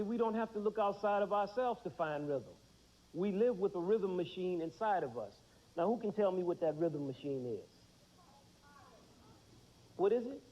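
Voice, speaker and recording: An American man in his thirties, with a high, slightly mellow voice, gives children a music lesson, posing questions to the class and answering them himself. The audio sounds like a dull 1990s TV broadcast.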